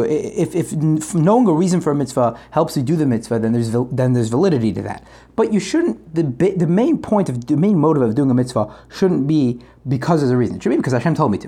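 Quick-talking man teaching Talmud. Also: on the high side. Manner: quick, energetic, reads Aramaic then translates. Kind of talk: daily Talmud class.

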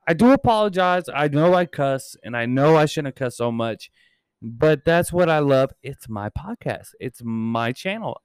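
Man, thirties, podcast host, casual rambling chat, heavy swearing, smooth voice, dry close sound. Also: fairly high pitch, very animated, moderate pace, no echo. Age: 30s. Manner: rambling and heavily profane.

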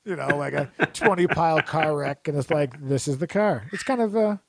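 A man's voice: a little high, animated, fairly quick, gravelly, dry recording. A man co-hosting a casual chat, rambling and joking, often breaking into laughter. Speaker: podcast co-host.

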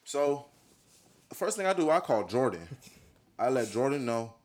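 A man's voice: medium pitch, normal speed. A man co-hosting a podcast, telling a story among friends with lots of laughter. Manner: animated storyteller who laughs through his lines. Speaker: podcast co-host. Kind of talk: casual chat among friends.

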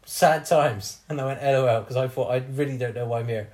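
A man's voice: mid-range voice, quick pace, a little mellow. A young man telling a bawdy story on a casual podcast, laughing often as he acts out what people said.

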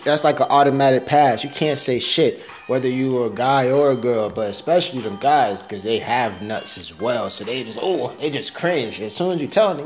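A man's voice: mid-range voice, normal speed, hardly any pauses, soft background music. A young man rambling through a casual, profane audio diary, laughing at his own jokes.

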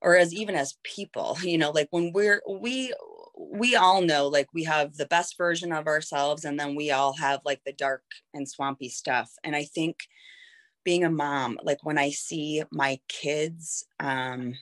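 A woman's voice: sits low, a little slow. A candid woman in her thirties opens up as a guest in a heartfelt conversation. She talks in a reflective, searching way, leaning on "like" as she works through her thoughts. Her tone is frank and unguarded. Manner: reflective, frank, heavy use of "like".

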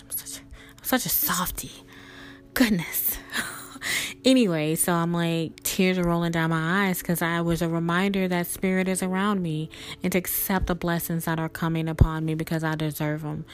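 A woman's voice: low voice, smooth. A young woman hosting a podcast, telling a spiritual story in a chatty, emotional way with laughs and fillers. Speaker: podcast host.

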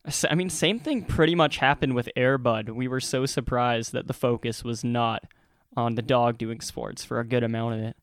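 Young male co-host, wry and relaxed, smooth voice, dry close mic. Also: mid-range voice, moderate pace, dry recording. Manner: laid-back, wry, says dude. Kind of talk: casual movie reaction chat.

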